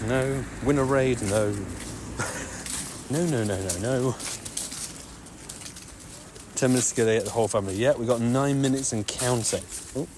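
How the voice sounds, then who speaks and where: A man giving excitable, nonstop live-stream commentary while walking outdoors and playing a mobile game. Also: medium pitch. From United Kingdom. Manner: chatty, excitable running commentary, talking nonstop like a radio DJ. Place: outdoors on city streets. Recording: loud street noise with passing traffic.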